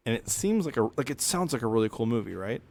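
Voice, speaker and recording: A man's voice: medium pitch, very animated, quick pace, gravelly, dry recording. A man co-hosting a podcast in casual chat, offhand and thinking aloud as he goes. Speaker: podcast co-host.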